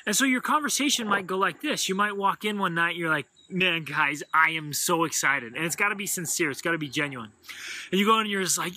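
A middle-aged man giving an energetic motivational talk as host, acting out quoted lines with enthusiasm. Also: on the high side, brisk.

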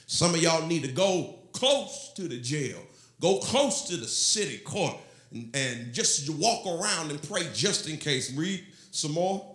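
A pastor preaches in a roomy church that rings with echo. His voice sits high and sounds bright and forceful. He swings from talk to shouted, sung-out lines. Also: big pitch swings, measured pace. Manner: preaching, rising to shouts, half-singing phrases. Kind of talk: sermon. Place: church sanctuary. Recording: echoey church room.

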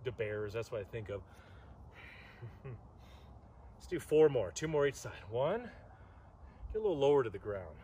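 This yoga instructor from Southern California guides an outdoor class, calling out poses and breaths and cracking jokes between them. His medium-pitched, mellow voice is very animated, with a measured pace and long pauses, over slight background noise.

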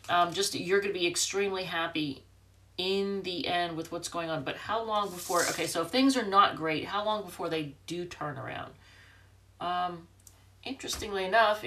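A woman's voice: fairly low pitch, a bit bright, a little hiss or hum. Congested woman doing a chatty tarot reading. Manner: chatty, loose, lots of fillers and restarts. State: congested, nasally stuffed. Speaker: tarot reader. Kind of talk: casual tarot card reading.

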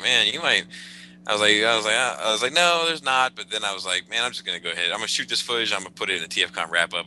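Brief: male podcast co-host, quick and rambling, sharp bright tone, faint hum behind. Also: low voice, low-quality recording. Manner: rambling, repeats words, lots of fillers. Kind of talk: casual chat.

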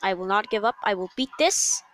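A woman giving gameplay commentary, muttering in frustration and breaking into sudden shouts. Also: mid-range voice, lively intonation, a little fast, faint music behind, low-quality recording. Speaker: gamer.

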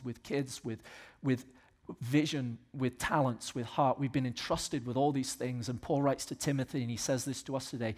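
A man from the American South preaching a sermon as pastor of a church, swinging between loud exhortation and quiet, earnest asides. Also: mid-range voice. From Southern United States.

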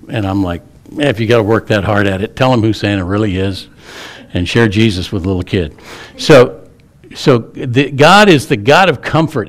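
A middle-aged pastor preaches to his church in a folksy, joking way. His voice sits at a medium pitch as he weaves stories into the sermon. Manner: folksy storytelling with humor. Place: church sanctuary.

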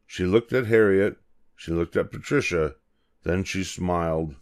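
An older man, a grandfather, reading a children's book aloud in a measured, gentle way. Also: low-pitched. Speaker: storyteller.

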